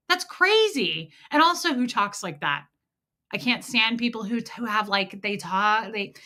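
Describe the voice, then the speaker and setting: A woman's voice: on the high side, expressive, moderate pace, pushed and bright. Sarcastic woman hosting a livestream. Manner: sarcastic, mocking, swears freely; greets chatters by name. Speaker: livestream host. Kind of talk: casual livestream chat. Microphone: home streaming mic.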